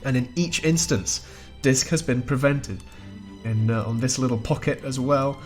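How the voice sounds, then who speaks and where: A man's voice: medium pitch, normal speed. Man casting a strategy game, faint music. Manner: chatty, wry, chuckles often. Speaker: esports caster. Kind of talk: play-by-play game commentary.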